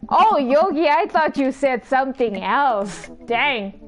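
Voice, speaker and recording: A woman's voice: high voice, expressive, takes it slowly, soft background music. A woman hosting a gaming video, reading a dating game's text aloud and adding playful, giggly, teasing asides. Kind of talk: reading a dating game aloud with live commentary.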